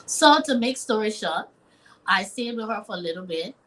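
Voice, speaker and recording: Speaking at normal speed in an expressive, mid-range voice with a bit of brightness, a Liberian woman in her fifties shares a personal story as a chef guest in a live interview. She is earnest and dramatic and acts out quoted voices; the audio is poor.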